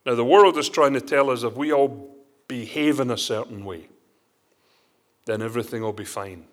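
A man's voice: mid-range voice, normal speed. A man preaching a sermon, telling illustrations and reading scripture with rising emphasis.

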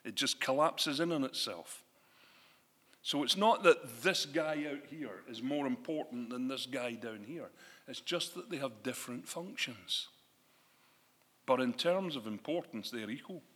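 A man preaching a sermon, animated and conversational, asking his listeners questions. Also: medium pitch, unhurried, husky. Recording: long hall reverb.

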